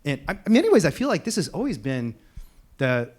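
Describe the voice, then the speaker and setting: Fast-talking animated male activist. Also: on the high side, husky. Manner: animated, fast, laughing storyteller. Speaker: panelist, animal rights activist. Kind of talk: casual panel talk.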